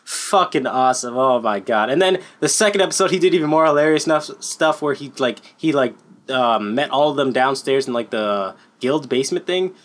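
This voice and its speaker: A man giving a casual, unscripted anime review, excitable and rambling, swearing constantly and filling gaps with "like.". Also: mid-range voice, fairly quick. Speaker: anime YouTuber.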